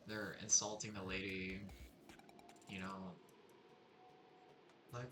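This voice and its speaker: A man's voice: fairly low pitch, steady tone, a little slow, long pauses, noisy background. A young man telling a rambling personal story in a casual way, with many fillers and restarts. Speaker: vlogger. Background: music.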